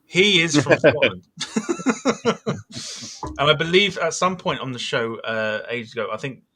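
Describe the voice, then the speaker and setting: A man's voice: a little high, animated, a little slow, a crowd in the background. A man hosting a podcast, chatting casually with lots of fillers and easy laughter. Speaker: podcast host. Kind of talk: casual chat.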